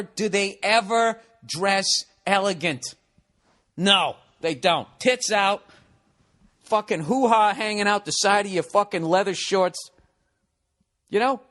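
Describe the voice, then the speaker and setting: A man hosting a podcast, telling a profane, ranting comedic story with animated delivery. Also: high-pitched, unhurried. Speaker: podcast host.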